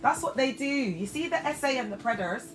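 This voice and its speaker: A woman's voice: high-pitched, expressive, fairly quick, slight background noise. A woman in her thirties hosting a casual livestream from her phone, talking emphatically and addressing viewers directly. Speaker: livestream host.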